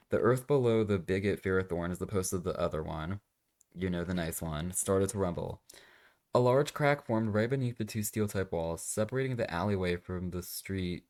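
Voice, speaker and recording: A man with a low voice reads a fan story aloud in a comedic way. He keeps stopping to mock the writing with dry, sarcastic remarks, and his tone stays deadpan. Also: moderate pace. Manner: sarcastic, deadpan asides between dramatic readings. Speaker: reaction video host. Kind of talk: comedic fanfic reading with commentary.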